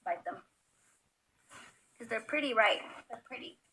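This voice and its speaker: A woman's voice: on the high side, lively intonation, a little slow, bright, forceful tone, a little hiss or hum, poor audio. A young woman chatting casually at home while filming her pet monkey, coaxing it and laughing often. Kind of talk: casual chat. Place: home room.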